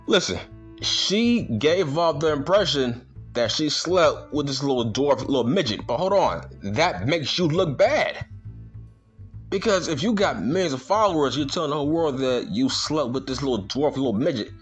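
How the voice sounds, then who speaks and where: A man's voice: a little high, animated, moderate pace, breathy edge, soft background music. A man ranting in a vlog, indignant and slangy, firing the same rhetorical questions again and again. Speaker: vlogger.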